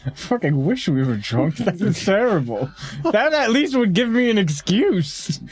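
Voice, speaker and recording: A man's voice: high voice, sing-song, measured pace, soft background music. A man playing in a tabletop game, joking and mocking himself in casual banter. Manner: jokey, self-mocking. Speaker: player.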